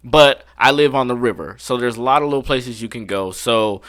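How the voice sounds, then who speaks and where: A man hosting a podcast, telling a story in a casual, animated, slangy way with plenty of swearing. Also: mid-range voice, brisk. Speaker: podcast host.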